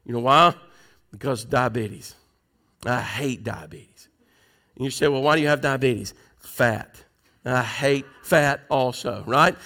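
A middle-aged man preaching a sermon, asking the congregation questions and swinging between loud, pressing lines and soft ones. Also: medium pitch, expressive, unhurried. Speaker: pastor.

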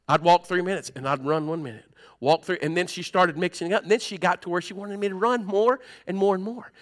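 A middle-aged man, preaching a sermon in a church with animated, folksy storytelling and humor. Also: fairly high pitch. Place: church sanctuary.

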